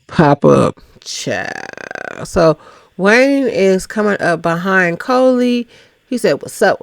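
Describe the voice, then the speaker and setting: A woman talks through a reality show recap in a gossipy, teasing way. Her voice is gravelly and swings widely in pitch as she takes her time. The sound is dry and close. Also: no echo. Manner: chatty, gossipy, teasing asides. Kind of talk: casual recap commentary.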